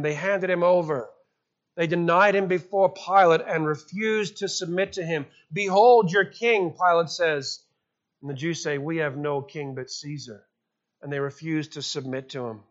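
A man preaches a sermon with a high, ringing voice. He talks emphatically and leans on rhetorical questions. The recording sounds somewhat dull and lo-fi. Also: a bit bright. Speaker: pastor.

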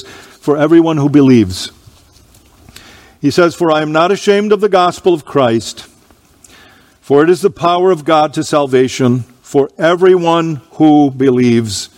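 High-voiced preacher clearing his throat. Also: a little mellow, big-room sound. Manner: preaches with slow emphatic stresses, reading scripture aloud. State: throat irritated by allergies. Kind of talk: sermon. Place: church.

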